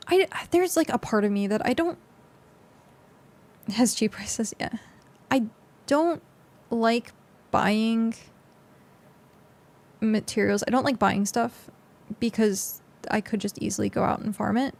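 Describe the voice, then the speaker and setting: Young woman, game streamer, loose rambling chat, slight vocal fry. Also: a little high, slow pace, long pauses, a little mellow. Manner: chatty, rambling, lots of fillers. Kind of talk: casual gameplay commentary.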